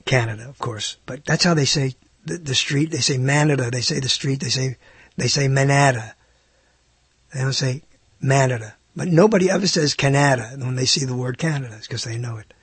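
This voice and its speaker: A man's voice: medium pitch, fast, breathy edge, no room sound. Rambling man hosting a talk radio show. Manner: meandering, hesitant, self-mocking asides. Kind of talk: rambling live radio monologue.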